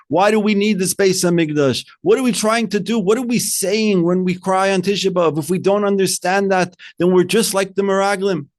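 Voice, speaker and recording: A rabbi giving a Torah talk, asking rhetorical questions and weaving in Hebrew terms, swinging between soft and loud emphasis. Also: male voice, on the high side.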